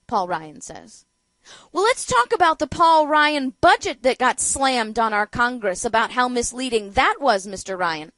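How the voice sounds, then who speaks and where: A woman's voice: on the high side, big pitch swings, normal speed, fairly bright tone, dry recording. A woman hosting a political talk show, giving opinionated commentary with sarcasm, rhetorical questions and emphatic outbursts. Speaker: radio talk show host.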